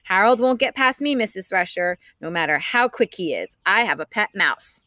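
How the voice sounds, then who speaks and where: A helpful boy sidekick, teasing and polite, with a bright voice, as a woman reading a storybook puts him on. Close, dry sound. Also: sits high, animated, moderate pace, no echo. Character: helpful, wisecracking young boy, best friend.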